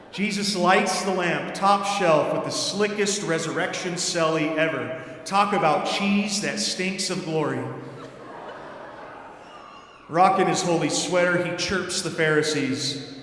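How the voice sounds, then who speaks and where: Man doing a jokey Canadian hockey narrator, put-on Canadian accent, slightly high voice, booming church echo. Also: fairly bright tone, slight background noise. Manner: playful, slang-heavy, mock-announcer delivery. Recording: echoey church with long reverb.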